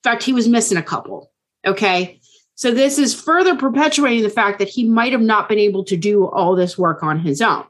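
A woman's voice: mid-range voice, fairly quick. A woman co-hosting a podcast, telling a true crime story in a casual way and checking in with her listeners. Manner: casual, keeps checking in with okay. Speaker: podcast co-host.

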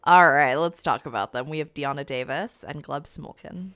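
A woman's voice: low-pitched, normal speed, a bit bright, no room sound, clean studio sound. A young woman co-hosting a podcast, chatting casually and joking with giggles. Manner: giggly, playful jokes. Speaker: podcast co-host. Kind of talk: casual chat.

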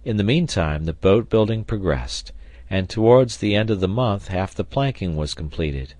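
A man from South Carolina narrating a classic adventure novel in a measured, even reading. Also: on the low side, no room sound. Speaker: audiobook narrator. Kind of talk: volunteer audiobook narration.

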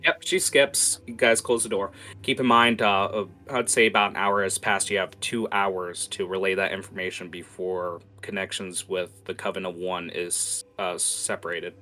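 Guy running a tabletop rpg, chatty, bright voice, lowish pitch, um and uh everywhere. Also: level tone. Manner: casual, halting, lots of fillers. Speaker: game master. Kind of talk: narrating a tabletop game.

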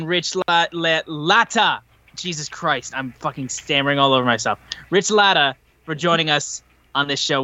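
A man hosting a casual podcast, relaxed, running through the sign-off and plugs. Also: fairly high pitch, no room sound. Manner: relaxed, reads plugs, swears when he stumbles. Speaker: podcast host.

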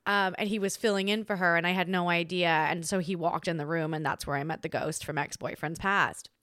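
A young woman hosting a podcast, telling a story in a chatty, animated way, full of "like"s and restarts, and jumping into playful voices for quotes. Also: fairly quick, no room sound, studio quality. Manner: chatty and animated, acts out quoted voices with big pitch jumps; filler-heavy, many "like"s and restarts. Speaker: podcast host. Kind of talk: casual storytelling monologue.

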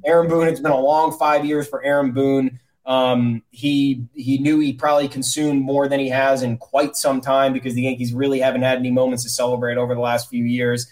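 A man's voice: mid-range voice, little pitch movement, a little fast, a little mellow, rough recording. Casual male sports podcast co-host. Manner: loose and joking, with frequent fillers and restarts. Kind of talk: casual chat.

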